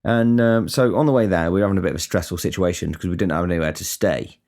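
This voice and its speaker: Low-voiced man rambling. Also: fast talker, darkish tone. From England. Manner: rambling, swears freely, frequent restarts. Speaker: podcast host. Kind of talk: casual storytelling monologue.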